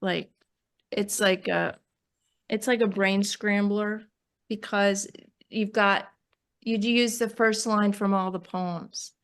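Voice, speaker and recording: A woman poet with a New York accent, talking casually about her book in an interview, often pausing and restarting as she searches for words. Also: mid-range voice, fairly even intonation, a bit bright, clean tone.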